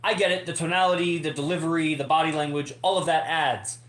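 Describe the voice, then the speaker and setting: A man's voice: fairly high pitch, fairly even intonation, fast, fairly bright tone. A man hosting a podcast, talking in an emphatic, rambling way, swearing freely as he lectures his members. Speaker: podcast host. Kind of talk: casual monologue to members. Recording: echoey room.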